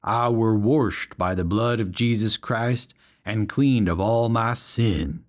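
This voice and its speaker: A man voicing a big, simple reformed drunk who reads his confession slowly and haltingly. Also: on the low side. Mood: earnest. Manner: slow, halting reading with slips.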